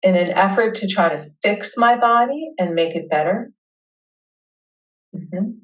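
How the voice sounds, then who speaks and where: A woman hosting a webinar, leading listeners through a guided tapping session with slow, soothing affirmations. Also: medium pitch, animated, far from the mic, poor audio.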